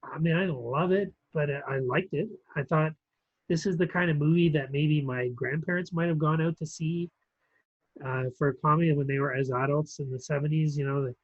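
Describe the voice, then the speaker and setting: A man's voice: fairly high pitch, fairly even intonation, a little fast, no echo. Male podcast co-host, casual rambling film talk, dry slightly muffled home recording. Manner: rambling, many ums and restarts. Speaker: podcast co-host reviewing films. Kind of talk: casual chat.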